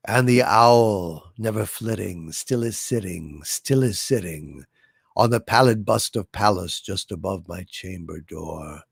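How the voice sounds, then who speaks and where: Theatrical male monster, deep and grave, slow recital, as a host puts him on. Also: creaky, husky, dry recording, clean studio sound, full character voice. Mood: ominous. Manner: slow, dramatic poetry recital.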